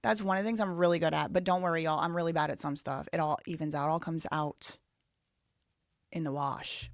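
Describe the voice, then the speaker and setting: Woman in her 30s rambling on her live stream, kinda low voice, lots of "like", super dry sound. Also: fairly even intonation, fairly quick, no echo. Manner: rambling, heavy on "like" fillers, thinks aloud. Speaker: livestream host. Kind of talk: casual live-stream chat.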